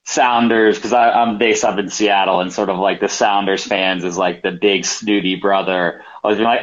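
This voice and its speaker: Low-voiced man chatting about a soccer final. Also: fairly even intonation, normal speed, few pauses, dull audio. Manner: rambling, filler-heavy, anecdotal. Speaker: soccer reporter co-hosting a live audio show. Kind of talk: casual match preview chat.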